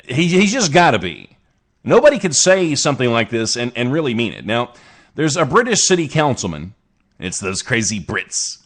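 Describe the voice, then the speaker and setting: A man from the States hosts his own show and riffs on strange news with a sarcastic, rambling delivery. His pitch swings widely as he jokes through each story. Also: sing-song, moderate pace, a bit bright. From United States. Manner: sarcastic, rambling asides with restarts. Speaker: podcast host. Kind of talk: casual comedic news commentary.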